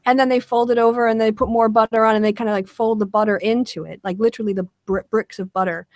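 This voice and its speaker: A woman's voice: fairly high pitch, steady tone, fast talker, no echo, clean studio sound. A woman from Wisconsin hosting a casual group chat, chatty and laughing often. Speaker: host.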